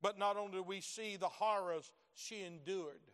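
A middle-aged preacher with a fairly high-pitched voice, carried by a long, ringing church reverb. He tells homely stories in a folksy way, sinking to quiet asides before rising to loud, shouted peaks. The mood throughout is a live sermon delivered from the pulpit. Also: normal speed, clear, resonant tone.

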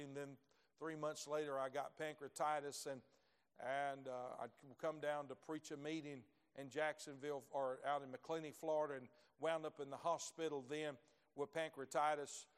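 A middle-aged man, preaching a sermon in folksy storytelling fashion, dropping to low asides and then climbing to loud shouted peaks. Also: level tone, normal speed, smooth. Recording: long hall reverb.

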